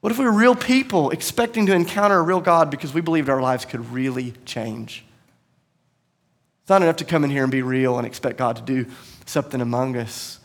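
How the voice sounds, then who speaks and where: A man preaching a sermon as pastor, telling a story earnestly and sometimes dropping to soft, quiet tones. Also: medium pitch, gravelly. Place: church sanctuary.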